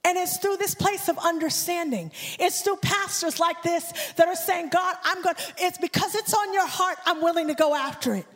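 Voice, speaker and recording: A woman preaches a fervent sermon as a guest speaker, her voice very high as it climbs into shouts and a sung, rhythmic cadence. Long reverb from the church hall trails behind every phrase of her handheld-mic delivery. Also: normal speed, hardly any pauses. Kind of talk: impassioned sermon. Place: church sanctuary. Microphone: handheld microphone.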